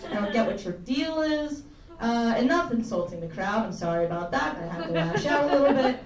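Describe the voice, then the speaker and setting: Fairly quick and a little high, with lively intonation, a young Tennessee woman swears often during a rambling stand-up set that pokes fun at herself. A crowd is audible in the background of the small campus comedy room, and the distant mic gives a roomy sound with faint ambience.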